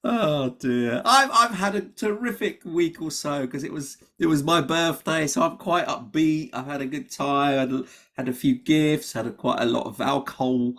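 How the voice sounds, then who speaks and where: A man co-hosting a casual podcast, chatty and quick to laugh, with a cold cough. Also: a little high, fairly bright tone. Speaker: co-host.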